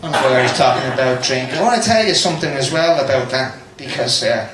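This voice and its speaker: A man's voice: medium pitch, expressive, fast talker. An Irish man doing stand-up comedy in a small basement venue, teasing the audience and swearing freely. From Ireland. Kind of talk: stand-up crowd work. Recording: echoey room, faint background noise.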